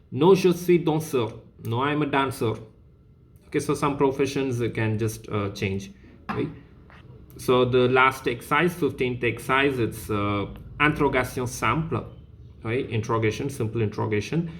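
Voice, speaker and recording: A man teaching a French revision class, going through the exercises one by one. He repeats every sentence patiently and then translates it, in a voice of middling pitch. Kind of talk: revision lesson explaining exercises.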